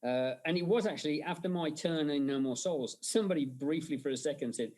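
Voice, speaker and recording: A man, a film director talking casually in an interview, chatty and animated, often restarting his sentences and quoting himself. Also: on the high side, fast, hardly any pauses, rough recording. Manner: chatty, animated, lots of restarts and quoted asides.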